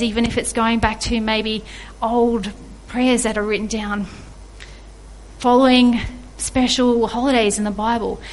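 A woman's voice: fairly high pitch, a little hiss or hum, poor audio. An earnest woman giving a reflective devotional sermon, asking her listeners questions. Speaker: preacher.

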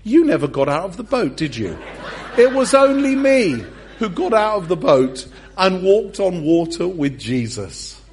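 A man voicing the apostle Peter as an excited show-off, bragging to the other disciples. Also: unhurried, a faint crowd, full character voice. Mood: boastful. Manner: excited, bragging, high-pitched. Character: boastful apostle Peter showing off.

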